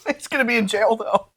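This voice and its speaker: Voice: mid-range voice, vocal fry, fairly bright tone, husky. A co-host on a comedy podcast who teases the others, swears and laughs often. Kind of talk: crude comedic banter.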